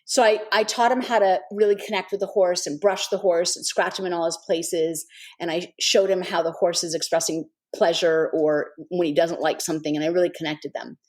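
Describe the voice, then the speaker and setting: A woman with a somewhat low voice speaks as a podcast guest. She tells her story earnestly and warmly. Her phrasing is loose and conversational, full of "kind of" and "like.". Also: steady tone, fairly quick. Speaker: guest, animal intuitive.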